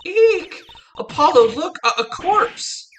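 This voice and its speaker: A man voicing a cheerful, peppy teenage girl magician in a video game, pushing his voice up high and bouncy. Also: very animated, a little fast, sharp tone, a little hiss or hum, full character voice. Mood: chirpy.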